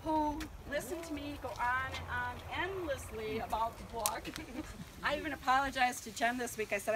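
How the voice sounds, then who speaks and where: Her voice is high and her pace normal, with noise filling the background. The older woman delivers a relaxed but nervous book-launch speech, thanking loved ones and friends while laughing and saying um a lot.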